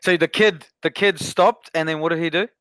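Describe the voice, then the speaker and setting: A man hosting a podcast, who cuts in briefly to ask quick questions. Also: a little high, a bit bright, dry recording. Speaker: podcast host. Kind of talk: casual interview.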